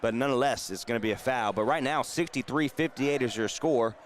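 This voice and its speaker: A man calling live basketball play-by-play from a community center gym, rattling off the action and getting excited on big plays. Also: mid-range voice, brisk, slight background noise. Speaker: play-by-play announcer.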